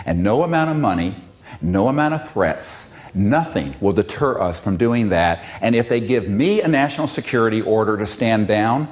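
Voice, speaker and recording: A man's voice: lowish voice, expressive, normal speed, a little mellow. A man giving an impassioned public talk, fiery and emphatic. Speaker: public speaker.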